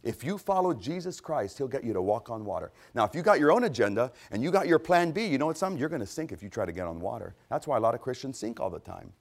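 A middle-aged man preaching a sermon, fervent and rising to loud, emphatic peaks. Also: medium pitch, big pitch swings, quick pace, few pauses.

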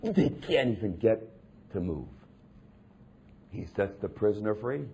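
A man preaching a sermon in a dramatic, emphatic way, dropping low and hushed and then building to loud, intense stretches. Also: lively intonation, a little slow, a little hiss or hum.

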